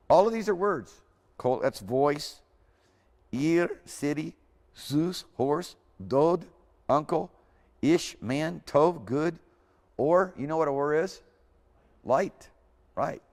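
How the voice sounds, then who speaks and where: A man's voice: fairly high pitch, expressive, extremely slow, long pauses, a little mellow. A man lecturing a class in an informal, rambling way, correcting himself as he goes and repeating words aloud for students. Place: lecture hall. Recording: hall reverb.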